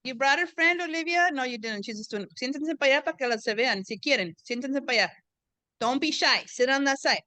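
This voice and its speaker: Woman host from the border, chatty and teasing, crisp bright voice, dry close sound. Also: high voice, fast talker, dry recording. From US-Mexico border region. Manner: chatty, joking, mixes in Spanish. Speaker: event host and professor. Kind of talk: casual chat hosting a book event. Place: classroom or event room.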